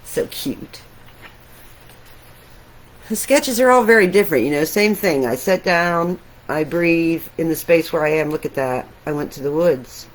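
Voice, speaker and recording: A middle-aged woman, an artist, talking casually and reflectively while showing her sketches, with soft laughs now and then. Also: low voice, expressive, normal speed, few pauses, rough recording.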